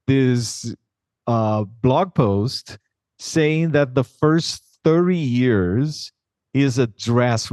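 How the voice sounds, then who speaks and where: A man's voice: mid-range voice, darkish tone, dry recording, studio quality. A man hosting a coaching podcast, talking with enthusiasm and often restarting his sentences. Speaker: podcast host. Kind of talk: podcast conversation.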